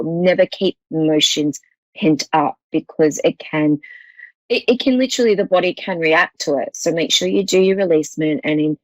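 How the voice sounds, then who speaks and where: A woman's voice: low voice, no room sound, poor audio. A woman with an Australian accent hosting a psychic call-in show, talking in a rambling, reassuring way with many restarts. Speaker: psychic medium host.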